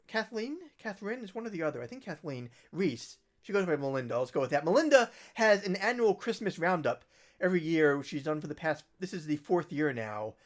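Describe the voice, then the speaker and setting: A man with a slightly high voice hosts a livestream as a musician. He talks casually, meandering from one recommendation to the next and letting soft asides fade out.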